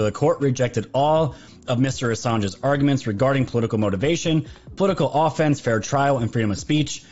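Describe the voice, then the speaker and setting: A man's voice: medium pitch, darkish tone, lo-fi sound. A man hosting an opinionated news commentary show, talking emphatically and repeating himself. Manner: emphatic and repetitive.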